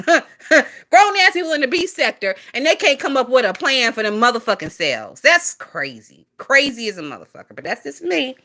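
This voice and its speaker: A woman's voice: high-pitched, big pitch swings, moderate pace, bright, forceful tone. A young woman hosting a casual gossip stream, reading viewer comments aloud and reacting bluntly with lots of swearing and frequent laughter. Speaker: commentary channel host.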